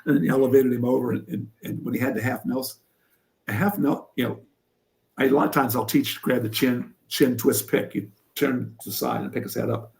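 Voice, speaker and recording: An older man from Pennsylvania, a former wrestler and coach, telling stories in an interview with lively energy. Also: mid-range voice, brisk, creaky. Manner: animated storyteller who acts out what others said. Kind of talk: storytelling in an interview.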